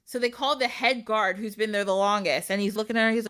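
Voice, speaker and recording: A young woman hosting a podcast, retelling a fairy tale in an animated, casual way, swearing freely and acting out the quotes. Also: mid-range voice, quick pace, hardly any pauses. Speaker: podcast host. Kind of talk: casual storytelling.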